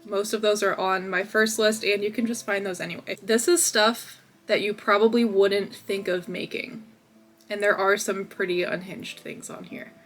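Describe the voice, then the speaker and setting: A woman's voice: medium pitch, fairly even intonation, normal speed. A young woman hosts a casual vlog from her home office. Her mid-range voice runs chatty and upbeat, leaning on casual fillers as she goes. Faint music plays behind her. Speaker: crochet video host.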